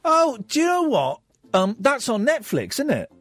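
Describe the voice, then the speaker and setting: Animated radio host, lively pitch. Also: male voice, normal speed. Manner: open, reflective, animated. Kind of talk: late-night phone-in radio. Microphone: studio microphone.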